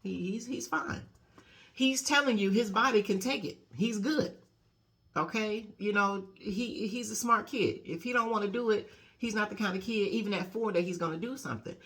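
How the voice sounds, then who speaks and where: Woman life coach just chatting, animated, keeps saying you know and okay, normal pitch. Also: moderate pace. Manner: animated storyteller, acting out quotes with big pitch jumps; conversational, many "you know" and "okay?" tags. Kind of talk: casual motivational talk.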